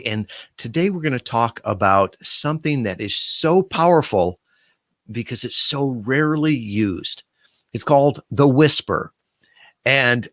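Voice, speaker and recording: Lively, emphatic man giving podcast tips. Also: mid-range voice, no echo, clean studio sound. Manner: conversational, emphatic, lively coaching delivery. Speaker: podcast marketing host. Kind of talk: casual video tip talk to camera.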